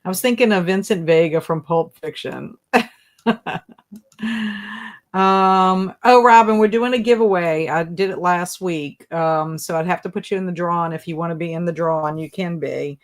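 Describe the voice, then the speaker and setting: A booktube host with a lowish voice talks at normal speed during a casual livestream. She reads comments from viewers out loud, chats freely, and laughs a lot at what they joke about.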